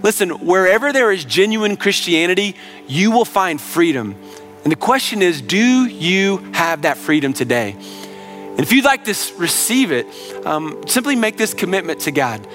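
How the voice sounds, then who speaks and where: A male pastor delivers a sermon in a fairly high voice, earnest and direct. He leans on rhetorical questions and keeps telling his listeners to listen. Faint music plays quietly behind him. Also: very animated, moderate pace.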